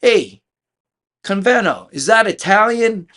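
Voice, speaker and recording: A man voicing a gruff, friendly older man at a banquet, calling out loudly and boisterously. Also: sits high, animated, slow pace, pitched above the performer's own voice, exaggerated voice.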